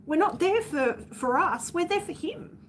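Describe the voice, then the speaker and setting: A woman's voice: extremely high pitch, animated, unhurried, slight background noise. An Australian woman chatting casually on her livestream, venting bluntly to her viewers and swearing freely.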